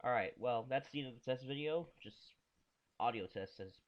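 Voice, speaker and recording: A man casually commenting on his gameplay at a desktop microphone, joking, excitable and swearing freely. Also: mid-range voice, brisk, muffled recording. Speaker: gaming channel host. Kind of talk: casual let's-play commentary. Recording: loud game gunfire and rockets behind. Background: loud game sounds.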